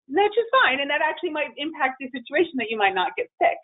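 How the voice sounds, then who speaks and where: A woman's voice: high-pitched, expressive, quick pace, few pauses. A woman giving a webinar presentation on emotional well-being in a conversational way, with fillers and restarts. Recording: phone-line audio.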